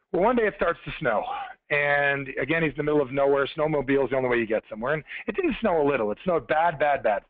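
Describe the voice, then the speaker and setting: A man telling a motivational story on a conference call, talking fast and conversationally, addressing the listeners directly. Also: a little high, no room sound. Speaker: motivational speaker. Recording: tinny phone-line call.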